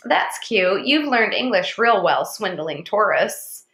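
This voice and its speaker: A woman's voice: medium pitch, very animated, slow pace, a bit bright, heavily acted. A woman voicing a big, rude male tourist who mocks and threatens, read aloud from a storybook. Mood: mocking. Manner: gruff, mocking and threatening. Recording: echoey room.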